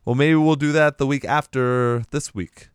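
A man's voice: medium pitch, steady tone, moderate pace, clean tone, no room sound, clean studio sound. A man co-hosting a casual podcast chat, blunt and profane, laughing often. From Boston area. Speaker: podcast co-host.

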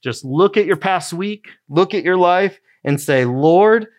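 A man's voice: sits high, unhurried. Man preaching a conversational sermon. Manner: conversational storytelling preaching, with quoted asides. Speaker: pastor.

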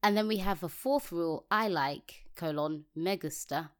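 Lower-voiced woman explaining code. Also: normal speed. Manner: reads code aloud step by step, laughs easily. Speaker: podcast co-host. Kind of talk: casual technical chat.

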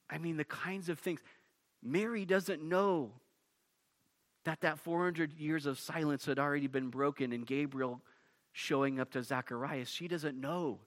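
A man's voice: on the high side, unhurried. A male pastor preaching a sermon emphatically, often restarting and repeating words as he pushes through a point.

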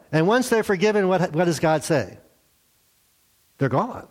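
Conversational preacher man, slightly high voice. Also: sing-song, unhurried. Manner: conversational, rhetorical questions, light jokes. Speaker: pastor. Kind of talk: sermon. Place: church.

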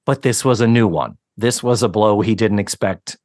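A man co-hosting a podcast, casually recapping a sitcom episode in an animated, storytelling way with some casual swearing. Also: on the low side, moderate pace, no echo, studio quality. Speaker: podcast co-host.

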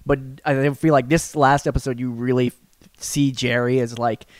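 A man's voice: mid-range voice, steady tone, normal speed, no echo. A man appearing as a guest on a podcast, talking loosely and laughing often. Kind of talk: casual chat.

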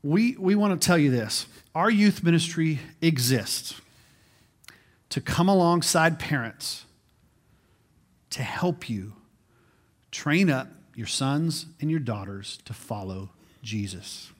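Guy in his 40s preaching a sermon, kinda high voice, chatty, repeats words a lot. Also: expressive, slow pace, long pauses. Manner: conversational preaching, repeats words when restarting. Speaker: pastor.

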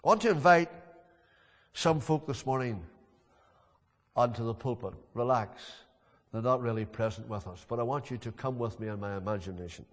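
A man preaching a sermon from the pulpit in a solemn way, often letting his phrases fall away softly. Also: medium pitch, normal speed, pauses often. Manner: solemn, with falling phrase endings. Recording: long echo in a large hall.

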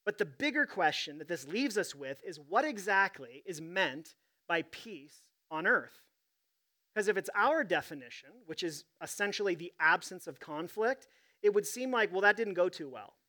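A man's voice: high-pitched, animated, moderate pace, pushed and bright. A man preaching a sermon as pastor, reading scripture and telling stories in a conversational, humorous way.

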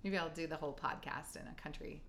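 A woman co-hosts a podcast, telling her story in an earnest, chatty way. She drops playful asides as she goes. Her voice sits a little low for a woman. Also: fast talker, a loud crowd. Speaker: podcast co-host. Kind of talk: casual chat.

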